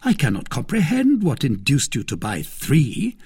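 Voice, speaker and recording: A man's voice: medium pitch, huge pitch swings, normal speed, a little mellow, slightly rough, voice pushed up, exaggerated voice. A man voicing a daring, eager young swordsman who speaks decisively. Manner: decisive, spirited.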